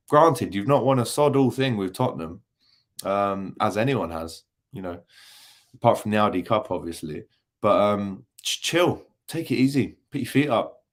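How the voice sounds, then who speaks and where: A young man hosts a relaxed post-match livestream, reading viewer comments aloud. He talks in a loose, teasing way, full of ums and asides. His voice sits a little low. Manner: chatty and jokey, many ums, teasing banter. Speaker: football channel host reading live chat.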